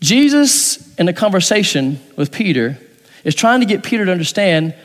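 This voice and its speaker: A man's voice: high-pitched, animated, fairly quick, in a large hall. A man preaching a sermon as pastor, reading scripture aloud and acting out the dialogue in changing voices. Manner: acts out dialogue with shifting voices.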